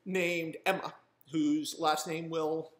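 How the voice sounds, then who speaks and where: A young man, a screenwriter, telling a story in a rambling, animated and profane way. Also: a little high, slow. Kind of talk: casual storytelling monologue. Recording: roomy echo.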